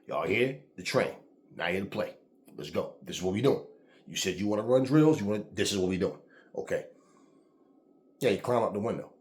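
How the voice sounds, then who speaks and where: A man's voice: on the low side, expressive, a little fast, long pauses, darkish tone. A man, a boxing trainer, telling a story to camera in a casual, profane, emphatic way. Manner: profane, emphatic, and acts out the scenes he describes. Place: indoors, seated in front of a camera.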